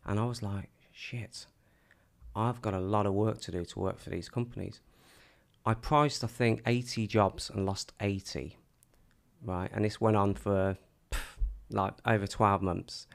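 A man's voice: on the low side, normal speed, gravelly. A man telling his own story casually, acting out the things people said to him. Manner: animated storyteller acting out quoted dialogue.

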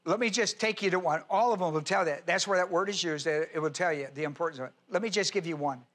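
A male pastor teaching a sermon verse by verse, reading scripture aloud and slowing down to stress key words. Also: on the high side, a bit bright. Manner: reads scripture aloud and spells out Greek words. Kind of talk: expository Bible teaching sermon.

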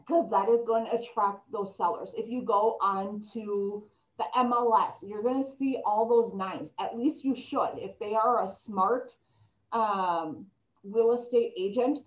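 A woman's voice: mid-range voice, unhurried. A woman giving casual real estate advice to a group, chatty and full of stories. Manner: chatty, storytelling, many ums. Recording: echoey room, dull lo-fi sound.

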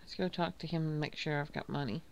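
A woman's voice: deep voice, fairly even intonation, quick pace, gravelly. A woman casually talking through her gameplay, thinking aloud and reading out game text. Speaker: gaming video host.

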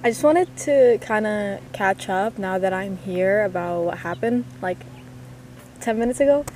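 A young woman in her late teens, talking casually and softly to the camera at a park, rambling with lots of "like"s and getting emotional. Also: mid-range voice, expressive, unhurried, slight background noise. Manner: soft-spoken, rambling, emotional, many "like"s. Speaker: vlogger. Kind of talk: casual chat. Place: outdoors at a park. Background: dogs barking at times.

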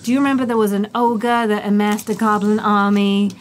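A woman playing a tabletop game, chatty and quick in her in-character talk. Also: mid-range voice, steady tone, slight background noise. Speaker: player.

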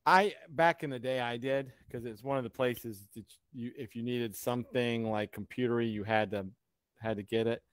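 A man's voice: mid-range voice, fairly even intonation, moderate pace, smooth, no echo, studio quality. A man hosting a casual live chat, rambling and sarcastic. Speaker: host.

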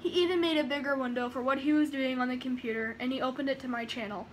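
A woman's voice: sits high, steady tone, fast, slight background noise. A woman vlogger chatting nervously with sighs, then reading her own story aloud. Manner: rambling, sighing, nervous. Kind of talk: casual chat and story reading.

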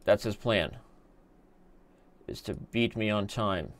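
Joking low-voiced male streamer. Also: takes it slowly, fairly bright tone, no echo. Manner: chatty, joking, reads viewer chat aloud. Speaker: chess streamer host. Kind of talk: casual live-stream chat while playing.

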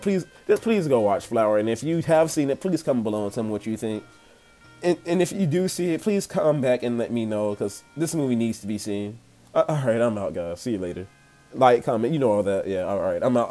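A man's voice: mid-range voice, animated, a little fast, warm tone, faint music behind. A young man reviewing a movie in a casual, rambling rant, swearing and laughing as he goes.

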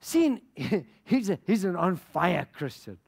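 A middle-aged pastor from Africa preaching with passion. His voice sits high for a man and swings all over the place as he acts out the people in his stories. He laughs between anecdotes. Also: sing-song, takes it slowly, gravelly, darkish tone, slightly rough. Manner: passionate storytelling with laughter and quoted dialogue. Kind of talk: sermon.

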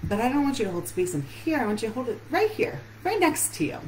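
A woman's voice: a little high, very animated, fast talker, slight background noise, low-quality recording. A woman relationship coach giving an earnest live-streamed talk that puts many questions straight to her listeners.

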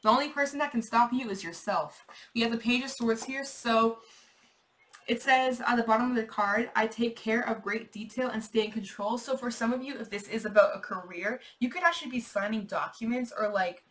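A woman's voice: a little high, moderate pace, a bit bright, poor audio. A young woman giving a casual, rambling tarot reading, repeating herself, swearing and laughing. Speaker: tarot reader.

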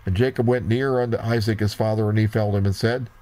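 A man teaching a Bible lesson, reading old scripture slowly and deliberately, breaking off for brief remarks of his own. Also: on the low side, steady tone, mellow.

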